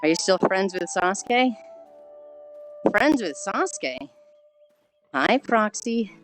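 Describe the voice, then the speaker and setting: A woman streaming while she walks on a treadmill, sounding squeaky and chipmunk-like through a failing headset mic, sighing often and swearing casually as she greets viewers. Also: lively intonation, takes it slowly, soft background music, poor audio. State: walking on a treadmill while talking. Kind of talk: casual live-stream chat.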